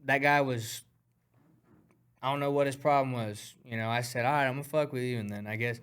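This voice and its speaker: A man recounting a fight on a podcast, voice in a middle register. He talks in an excitable, profane rush and punctuates the action with punchy sound words. He sounds casual and unfiltered. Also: mid-range voice, fairly quick, smooth. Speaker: guest fighter. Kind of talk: animated storytelling.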